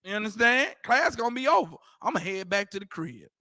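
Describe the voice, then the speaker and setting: A man's voice: high voice, very animated, fairly quick, bright, forceful tone, no echo, studio quality. A man teaching a scripture class, preaching emphatically in colloquial street talk and repeating his points. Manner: emphatic, repetitive, prompts reader to go ahead.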